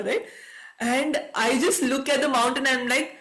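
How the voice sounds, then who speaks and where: A woman's voice: high-pitched, normal speed, fairly bright tone. A woman telling a personal story on a video call, acting out her own thoughts.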